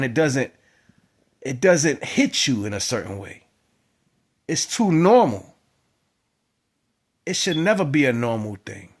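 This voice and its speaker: A man giving a spiritual monologue to his viewers, moving from quiet musing to loud, emphatic exhortation. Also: medium pitch. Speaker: spiritual vlogger. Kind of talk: preaching monologue to camera.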